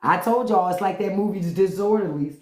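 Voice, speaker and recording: Brief: livestream host, casual profane chatter, laughs a lot, mid-pitched, roomy echo. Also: brisk. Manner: loose, profane storytelling with frequent laughter and hums. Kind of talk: casual livestream chat with viewers.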